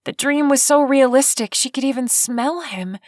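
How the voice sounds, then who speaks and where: A woman narrating a romance audiobook in measured, even storytelling. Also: sits high, no echo, studio quality. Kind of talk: scripted narration.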